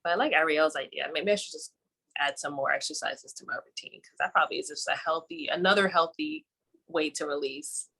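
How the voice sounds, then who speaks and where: A woman's voice: deep voice, fairly quick, pushed and bright, husky. A woman co-hosting a casual podcast chat, telling laid-back stories about her routines. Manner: chatty, storytelling, laid-back. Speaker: podcast co-host.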